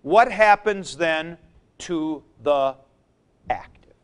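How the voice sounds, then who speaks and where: A man's voice: fairly high pitch, animated, drawn-out words, clear, resonant tone. A man lecturing a class, thinking aloud and repeating key points for emphasis as he writes on a board in a classroom. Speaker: Greek teacher.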